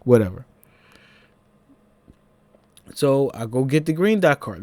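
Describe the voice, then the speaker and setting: A young man with a Philadelphia accent, telling a personal story in a casual, animated vlog, with laughing asides. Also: medium pitch, unhurried, long pauses, no room sound.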